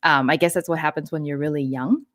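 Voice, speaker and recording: Chatty woman host, low voice. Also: fast. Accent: North American. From Thailand. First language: Thai. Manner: chatty, laughing, lively storytelling. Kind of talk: live Q&A chat.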